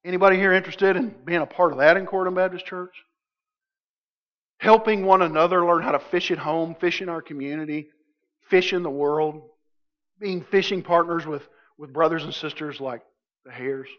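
A man's voice: a little high, moderate pace. A man preaching a sermon as pastor, conversational and jokey, acting out quotes from his listeners. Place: church sanctuary. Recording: dull sound with long hall reverb.

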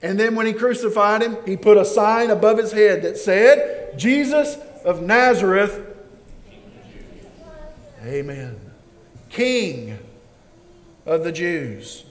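Emphatic preaching man, high-pitched and slow. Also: lively intonation. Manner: emphatic preaching, swells and drops in volume; calls on the congregation to respond. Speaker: pastor. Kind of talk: sermon. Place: church sanctuary. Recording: long reverb of a large hall.

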